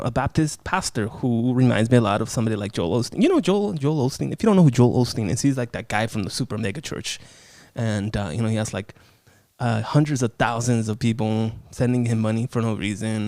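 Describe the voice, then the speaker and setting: A man hosting a podcast, casually reviewing a horror film in a profane, animated way and acting out scenes. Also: mid-range voice, no room sound, clean studio sound.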